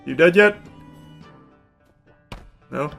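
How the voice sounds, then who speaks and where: A man giving live gameplay commentary, excitable, yelling, cursing and laughing in bursts. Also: fairly high pitch, extremely slow, gravelly, soft background music. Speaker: gaming commentator.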